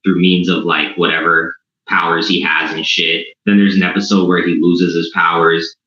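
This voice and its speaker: A man's voice: sits low, little pitch movement, moderate pace, sharp tone. A man on a stream panel talking bluntly and profanely in a rambling way. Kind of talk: casual chat. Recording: dull, roomy lo-fi audio.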